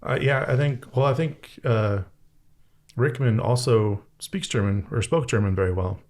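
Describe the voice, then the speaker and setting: A man's voice: mid-range voice, moderate pace, darkish tone. A man co-hosting a movie podcast, griping about a film casually with a wry tone and some swearing. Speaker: podcast co-host. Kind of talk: casual chat.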